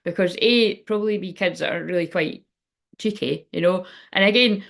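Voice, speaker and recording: A woman's voice: fairly low pitch, moderate pace, gravelly, fairly bright tone. A middle-aged woman giving a casual tarot reading, rambling and frank, swearing freely. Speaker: tarot reader. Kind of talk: casual spiritual reading chat.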